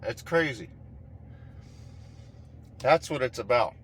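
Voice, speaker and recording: A man's voice: medium pitch, expressive, slow pace, a bit bright, slight background noise. A man giving a casual, rambling motivational talk, swearing constantly and speaking with raw intensity.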